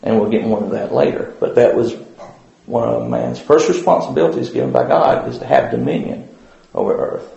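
Man, Bible study teacher, gravelly, folksy, rambling, very echoey church room. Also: mid-range voice, expressive, brisk, warm tone, muffled recording. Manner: folksy, rambling, frequent fillers and restarts.

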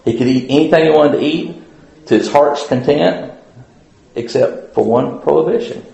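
A man's voice: a little high, moderate pace, gravelly, warm tone. A man giving an informal Bible lesson at church in a folksy, rambling way, with many fillers and restarts. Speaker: Bible study teacher. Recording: very echoey room.

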